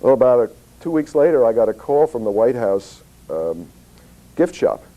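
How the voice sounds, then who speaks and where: A man's voice: mid-range voice, very animated, normal speed, mellow, poor audio. A man giving an anecdotal public talk about his comics company, telling stories with many fillers and restarts. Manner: storytelling, acts out voices in quotes, many fillers. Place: historical society talk.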